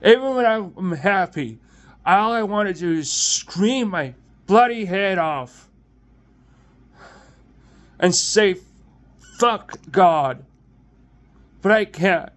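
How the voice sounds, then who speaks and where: A young man speaks slowly in a high voice, stopping, restarting and trailing off. He sounds emotional and close to tears as he talks into his own phone or webcam. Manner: halting, hesitant, many restarts and trailing off. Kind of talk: personal confessional vlog.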